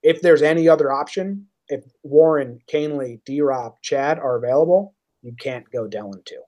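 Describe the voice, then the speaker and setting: A young man co-hosting a sports podcast, talking in quick, animated bursts. His voice sits a little higher than most men's. He argues his points with easy confidence. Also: muffled recording. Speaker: podcast co-host. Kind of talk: casual sports chat.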